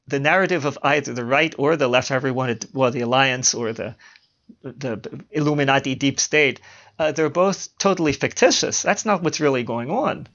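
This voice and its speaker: Gravelly man in his sixties, rambling. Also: medium pitch, moderate pace. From Baltimore, USA. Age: 60s. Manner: rambling, animated storyteller who laughs often. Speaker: podcast host. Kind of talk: casual conversation.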